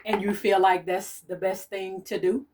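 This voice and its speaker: A woman giving a channeled tarot reading as a medium, speaking softly and repeating her urgings insistently to her audience. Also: mid-range voice, level tone, moderate pace, far from the mic, a little hiss or hum.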